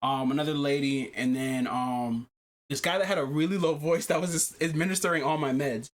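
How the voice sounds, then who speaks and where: A man hosting a podcast, telling a long personal story in casual chat, animated and profane, often repeating himself. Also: on the high side, a little fast. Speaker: podcast host.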